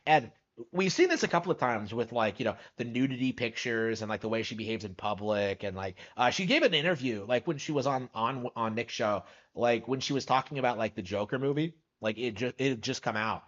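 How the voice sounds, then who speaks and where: A man's voice: medium pitch, fairly quick, a bit bright, lo-fi sound. A man reacting on a live stream, skeptical and incredulous, rambling with lots of fillers.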